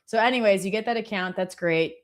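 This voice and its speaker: A woman's voice: mid-range voice, a little fast. A woman in her thirties co-hosting a live stream, chatting casually and telling funny family stories with frequent laughter. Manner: chatty storyteller, laughs often. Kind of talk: casual chat.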